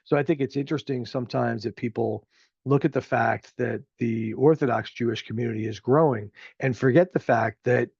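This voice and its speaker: A chatty New Jersey show host in his fifties, his mid-range voice a little fast and slightly mellow, with vocal fry and a breathy edge. The sound is muffled and dry with no echo. He rambles through opinionated local commentary, using lots of filler words.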